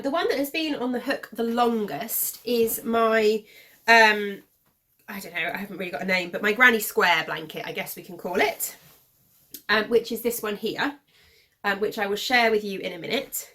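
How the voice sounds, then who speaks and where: In a casual show-and-tell on her knitting podcast, a woman in her thirties from the UK rambles with many fillers and corrects herself often. Her medium-pitched, slightly bright voice moves at normal speed, a little hoarse since she's losing her voice.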